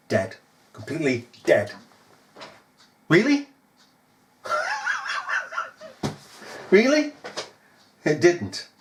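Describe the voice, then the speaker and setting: A man preaching a fiery sermon, scolding his listeners with pointed rhetorical questions. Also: medium pitch.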